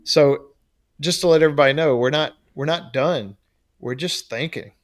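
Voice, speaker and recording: With a slightly high voice and a moderate pace, a man co-hosts a casual trade podcast. He chats loosely, rambles, and laughs often.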